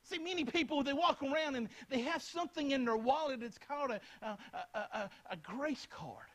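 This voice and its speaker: A man's voice: very high voice, fairly quick, a bit bright, rough recording. A young man preaching a Bible lesson, speaking earnestly and repeating phrases as he addresses his listeners directly. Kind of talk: Bible teaching talk.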